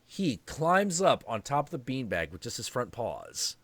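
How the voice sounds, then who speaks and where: A man hosting a stream, telling a story in a casual, animated, profane and rambling way. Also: medium pitch, measured pace, no room sound.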